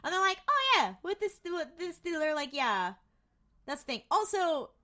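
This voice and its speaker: A woman's voice: very high voice, big pitch swings, moderate pace, pushed and bright. A woman co-hosting a podcast, chatting casually about a TV episode with sarcastic asides. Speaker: podcast co-host. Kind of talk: casual recap chat.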